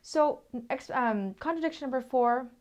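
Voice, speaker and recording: A woman's voice: high voice, moderate pace, highs cut off. A woman in her thirties presenting a workshop at a whiteboard, speaking emphatically, often dropping to a near-whisper for effect and checking in with "okay?". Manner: repeats "okay?" to check in with listeners. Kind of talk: teaching talk at a whiteboard.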